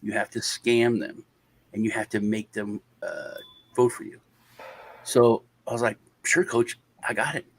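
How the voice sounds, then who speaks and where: A man with a lowish, unhurried voice is a guest on a casual panel show. He tells a long anecdote with animation, acting out the voices of the other people in the story.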